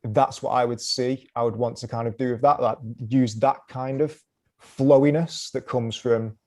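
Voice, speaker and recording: A man's voice: medium pitch, fairly even intonation, normal speed, darkish tone. A man calling in to a comedy show, talking thoughtfully and hedging often. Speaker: caller. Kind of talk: casual chat.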